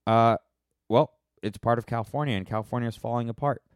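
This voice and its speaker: A man's voice: mid-range voice, steady tone, quick pace, smooth, dry recording, clean studio sound. An American man hosting a casual solo podcast, rambling and wry as he stops and restarts his thoughts while answering listener questions. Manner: rambling, self-interrupting, wry.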